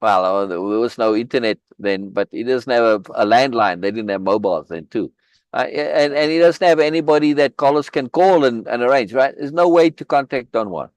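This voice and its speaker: A man leads a live reading over a video call, commenting on the text. His pitch sits in the middle range. He speaks emphatically, restarts phrases and repeats words for stress, and the sound is dry and close with no room echo. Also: expressive, a little fast. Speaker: reading group leader.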